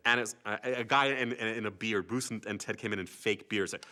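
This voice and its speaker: An older actor reminiscing casually about his years on a TV series, an animated storyteller who slips into comic voices. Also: on the low side, a little fast, hardly any pauses.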